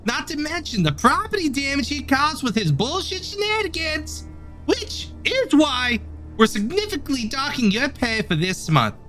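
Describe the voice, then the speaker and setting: Bossy quarry boss put on by a man, strained gruff voice pushed high and bright, faint music under. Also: exaggerated voice. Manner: strained, gruff, exaggerated reading voice. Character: bossy male quarry boss leaving threatening notes.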